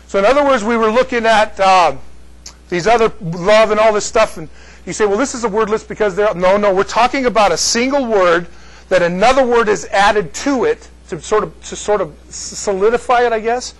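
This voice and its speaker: Male Bible teacher, higher voice, loose and chatty with the class. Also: moderate pace, low-quality recording. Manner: chatty, jokey asides to the class.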